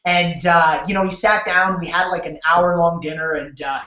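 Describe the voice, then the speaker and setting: A man from Canada hosting a sales webinar over a video call, telling his story in an energetic, repetitive way and talking straight to his audience. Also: on the high side, normal speed. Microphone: webcam or computer mic on a video call. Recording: roomy, dull lo-fi webcam audio.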